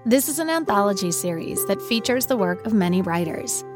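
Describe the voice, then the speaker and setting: A woman reading a podcast's closing credits in a measured, formal style. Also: medium pitch, animated. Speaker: podcast host. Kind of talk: scripted outro narration. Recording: music under the voice.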